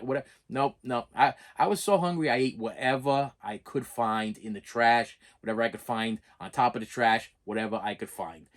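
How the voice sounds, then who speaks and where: A middle-aged man at a mid-range pitch tells his own story in a long monologue. He rambles, circles back, and says the same phrase twice before moving on. His manner stays blunt and emphatic throughout. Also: lively intonation, fast. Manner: rambling, repeats phrases and restarts often; plain-spoken, emphatic. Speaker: channel host.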